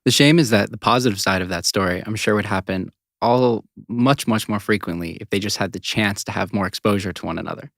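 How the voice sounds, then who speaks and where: A man hosts a podcast and asks his guest thoughtful questions at a quick clip. His voice is lowish with a gravelly edge, and the recording is dry. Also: fairly bright tone, no room sound. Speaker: podcast host. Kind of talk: interviewing.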